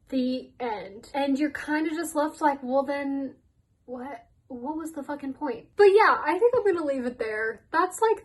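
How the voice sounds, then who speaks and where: A woman's voice: sits high, poor audio. A woman giving a casual rant vlog, blunt and sweary, often laughing. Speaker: YouTuber.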